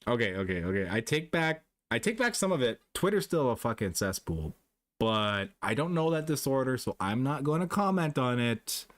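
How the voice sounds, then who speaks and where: A man's voice: medium pitch, big pitch swings, normal speed. A young man from Canada, a streamer chatting casually with his live chat, rambling, swearing freely and laughing often.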